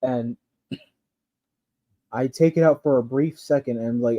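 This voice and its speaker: A man's voice: medium pitch, measured pace. A man ranting casually in a rambling, profane way with lots of fillers, on a dull lo-fi recording. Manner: rambling, profane, loose delivery with frequent fillers and laughs. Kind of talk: casual rant.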